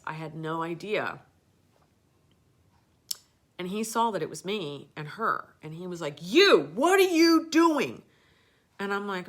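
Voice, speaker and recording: A woman's voice: low-pitched, fairly bright tone. A middle-aged woman hosting a live show, rambling through a personal story with many fillers and restarts. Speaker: host.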